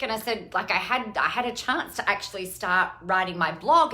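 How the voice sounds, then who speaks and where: Bright-voiced chatty woman podcast host. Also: medium pitch, fairly quick, few pauses. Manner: chatty and blunt, swears freely; rambling, many fillers and restarts. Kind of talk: casual solo podcast talk.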